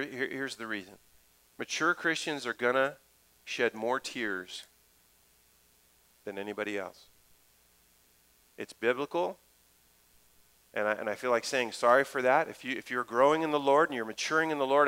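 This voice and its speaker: A middle-aged man preaches a sermon in a loose, conversational way, tossing in asides as he goes. His voice is bright and forceful at an ordinary middle pitch. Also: rough recording. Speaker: pastor.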